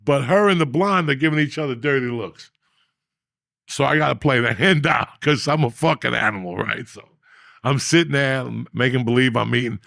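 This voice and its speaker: Male podcast host, gravelly and rough, dry close sound, profane and animated storyteller. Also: medium pitch, moderate pace, no echo. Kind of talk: casual storytelling.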